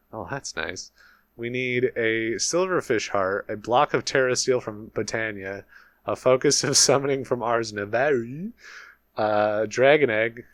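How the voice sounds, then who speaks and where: A man's voice: on the low side, dry recording. A man giving solo gameplay commentary, thinking aloud as he works out recipes, swearing and mocking himself. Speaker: gaming YouTuber. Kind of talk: solo Let's Play commentary.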